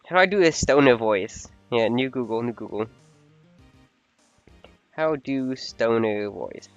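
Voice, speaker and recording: Joking male streamer, slow smooth voice. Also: medium pitch, lively intonation, muffled recording, soft background music. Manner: joking, self-mocking. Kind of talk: casual game stream commentary.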